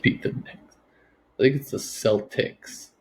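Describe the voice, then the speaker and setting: A man co-hosting a sports podcast, joking and trading hot takes in casual chat. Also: measured pace. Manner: joking, offers hot takes, trails off mid-thought. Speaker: podcast co-host.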